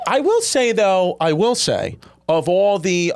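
A man's voice: high voice, very animated, clear, resonant tone, no room sound, faint music behind. A man hosting a comedy podcast, telling rambling, crude stories. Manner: rapid, rambling, crude storytelling. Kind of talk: casual podcast chat.

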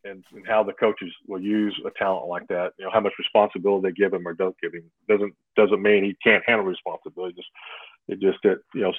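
A man's voice: low-pitched, dry recording. A man in his fifties, a former football player, talking as a guest in a casual interview. He rambles, restarts often and keeps asking "right?". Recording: phone-like remote call, dry.

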